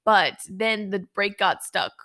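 A young woman co-hosting a podcast, telling a story in casual chat with lots of animated asides and laughter. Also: medium pitch, slow pace. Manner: chatty, animated, laughs often. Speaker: podcast co-host.

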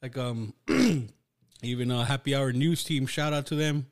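A man's voice: mid-range voice, unhurried. A man hosting a podcast, chatting casually, teasing his guest and swearing often. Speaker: podcast host. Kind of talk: casual chat.

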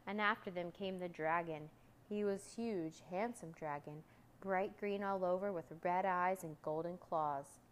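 A woman reading a children's storybook aloud in a calm, steady way. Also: fairly low pitch, a little slow.

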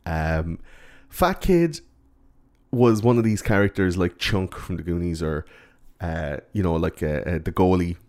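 A man chatting casually about a movie, swearing freely and acting out lines in mocking high voices. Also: animated, a little slow, a little mellow. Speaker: podcast co-host.

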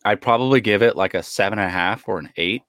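Casting note: man, low voice, dry close mic, loose profane podcast banter. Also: quick pace, dry recording. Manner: profane, chatty, animated while eating. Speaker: podcast co-host. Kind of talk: casual chat, on-camera taste test.

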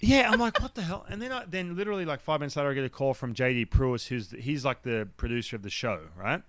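Animated man telling a story. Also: medium pitch, fast, no echo. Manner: animated storyteller, acts out quotes loudly. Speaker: podcast guest telling a story. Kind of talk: casual chat.

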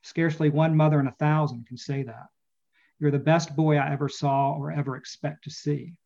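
An elderly frontier stepmother, tender and fearful for her son, as a man reads her lines aloud. The voice sits a little high and is read plainly rather than acted. The audio is dull and lo-fi. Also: steady tone, moderate pace, vocal fry, darkish tone. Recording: muffled lo-fi audio.

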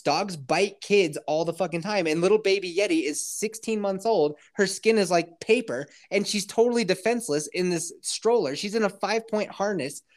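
A man telling a comic story on a podcast in casual, profane chat, acting out everyone's reactions as he goes. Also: high voice. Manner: animated, profane, acts out others' reactions.

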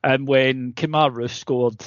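A man's voice: mid-range voice, fairly even intonation, measured pace, no echo. A man co-hosting a podcast, telling football stories in a brash, profane way. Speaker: podcast co-host. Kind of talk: casual football chat. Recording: dull lo-fi podcast audio.

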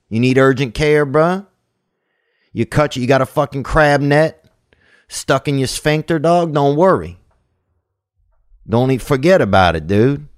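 A man with a medium-pitched voice hosts a podcast and takes voicemail calls, recorded dry and at studio quality. His casual, rambling chat is full of loose slang, fillers, restarts and crude jokes.

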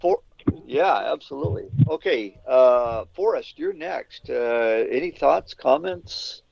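Gravelly folksy male podcast host. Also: medium pitch, takes it slowly, no room sound. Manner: folksy, relaxed, draws out fillers. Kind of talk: podcast panel hosting. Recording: dull lo-fi call audio.

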